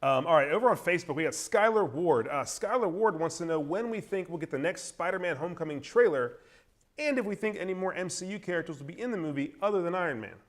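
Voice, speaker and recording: Quick, upbeat male co-host. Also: high-pitched, lively intonation. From Baltimore, Maryland. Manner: brisk, upbeat, chatty. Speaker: co-host reading viewer comments. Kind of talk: casual entertainment news chat.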